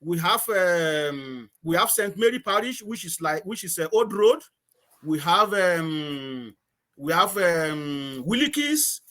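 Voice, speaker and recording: High-voiced Antiguan man telling stories. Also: lively intonation, slow pace, sharp tone. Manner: storytelling, repeats words, laughs often. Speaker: guest. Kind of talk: casual chat.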